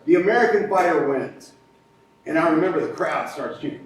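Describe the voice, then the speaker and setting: A man speaking as a guest at a club meeting, telling lively stories and acting out the quotes. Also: a little fast. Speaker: guest speaker, podcast co-host. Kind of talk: storytelling speech at a club meeting. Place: large meeting room. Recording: echoey room, faint rumble, far from mic.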